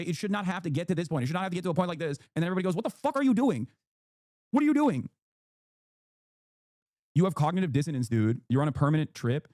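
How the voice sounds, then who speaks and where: A male streamer talking very fast in a heated, profane rant, his voice a bit high, recorded dry and close. He rattles through his points. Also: darkish tone, no echo. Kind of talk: ranting livestream commentary.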